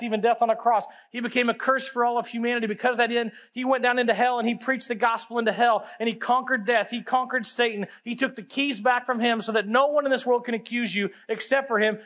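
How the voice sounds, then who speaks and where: A male pastor preaching a sermon, telling a story with lively acted-out dialogue and dropping low for emphasis. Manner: animated, acts out dialogue, drops low for emphasis.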